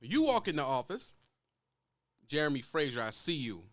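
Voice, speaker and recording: Trucker guy ranting at young drivers, bouncy pitch, blunt and cussing. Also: very animated, moderate pace, slight background noise. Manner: blunt, lecturing, profane. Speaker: truck driver giving advice. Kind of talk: casual ranting vlog.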